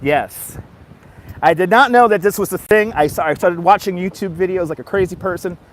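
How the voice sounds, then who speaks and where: A man's voice: high voice, moderate pace, a little hiss or hum. A man telling a story on a casual livestream while walking outdoors on a boardwalk, greeting his viewers by name as he talks. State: tired after a nap. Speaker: vlogger.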